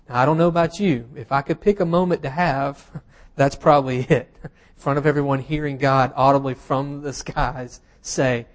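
Male preacher, mid-pitched, chatty sermon delivery, dry self-deprecating humor, lots of ums. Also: steady tone, moderate pace, hardly any pauses. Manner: casual and self-deprecating, with humorous asides and frequent fillers. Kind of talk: conversational sermon.

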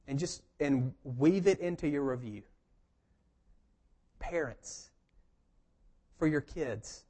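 A man preaching a conversational sermon, joking and emphatic as he teaches. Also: fairly high pitch. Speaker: pastor.

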